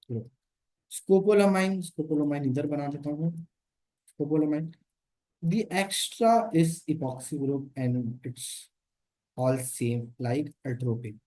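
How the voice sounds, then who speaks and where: A woman's voice: low-pitched, lively intonation, normal speed, warm tone. A woman with an Indian accent teaching an exam-prep lecture, switching between English and Hindi and repeating key points. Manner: repeats key points, explains while drawing structures.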